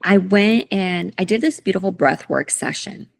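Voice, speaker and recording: A middle-aged woman telling a personal story in an interview, soft-spoken, halting and emotional. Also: mid-range voice, vocal fry. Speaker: guest, coach.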